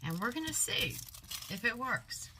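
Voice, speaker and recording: Bright-voiced older woman chatting casually. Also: a little high, unhurried, a little hiss or hum. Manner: chatty, folksy, animated. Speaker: haul vlogger. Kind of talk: casual product haul chat. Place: home office. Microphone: phone.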